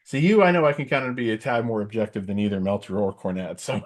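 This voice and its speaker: Man, middle-aged, casual podcast chat, rambling, lower voice. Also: fast. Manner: rambling, filler-heavy, animated asides. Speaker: podcast co-host.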